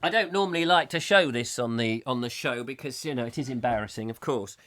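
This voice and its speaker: A man's voice: medium pitch, brisk, fairly bright tone. A man in middle age hosting a comic live chat show, rambling playfully and swooping into silly voices. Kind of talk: live comic monologue reading viewer comments.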